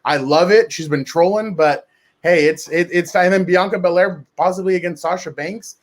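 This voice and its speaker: A man co-hosting a casual sports round table, talking in an excited, rambling way with quick restarts. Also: sits high.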